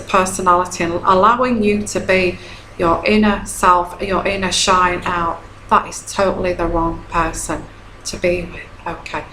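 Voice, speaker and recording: A woman's voice: lowish voice, fairly bright tone, slight background noise. A woman, a tarot reader giving casual advice in a chatty, repetitive way and often checking in with "okay?". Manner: chatty, repeats herself, frequent "okay?" checks. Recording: echoey room.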